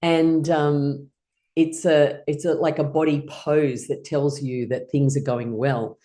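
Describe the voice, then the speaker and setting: Low-voiced cheerful woman laughter teacher. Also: level tone, slow pace, mellow. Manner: cheerful, encouraging, breaks into laughter easily. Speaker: laughter yoga instructor. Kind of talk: leading an online laughter class.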